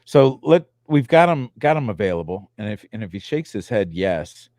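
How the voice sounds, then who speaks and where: A middle-aged man hosting a podcast, joking and excitable, often restarting his sentences. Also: lowish voice, moderate pace, dry recording. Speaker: podcast host. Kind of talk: casual chat.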